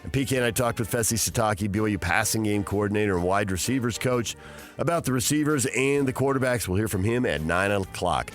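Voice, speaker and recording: A man hosting a sports radio show, measured and informative. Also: fairly low pitch, animated, faint music behind. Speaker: radio host.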